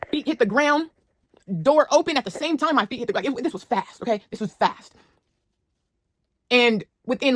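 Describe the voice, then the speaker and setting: A young woman casually telling a wild personal story to her viewers, animated and slangy. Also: a little high, no echo. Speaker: storyteller vlogger.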